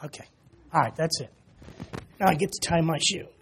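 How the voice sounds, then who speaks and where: A man's voice: a little high, brisk, fairly bright tone, a little hiss or hum. A man preaching a sermon in church, talking casually and joking with the congregation. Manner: conversational, jokes with the congregation, frequent "you know".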